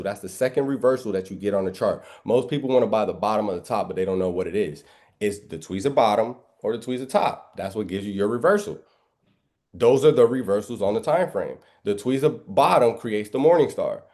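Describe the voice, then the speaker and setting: Emphatic low-voiced man teaching trading. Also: a little mellow. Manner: emphatic, keeps asking "right?" and rhetorical questions; preachy, mixes in biblical references. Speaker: trading instructor. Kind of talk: live trading lesson over screen share.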